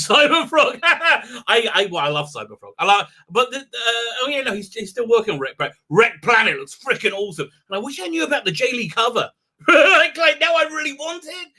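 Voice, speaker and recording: A man hosting a casual livestream, chatting with viewers in a rambling, excitable way and laughing often. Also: sits high, moderate pace. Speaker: livestream host; rabbi. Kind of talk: casual live-stream chat reading viewer comments.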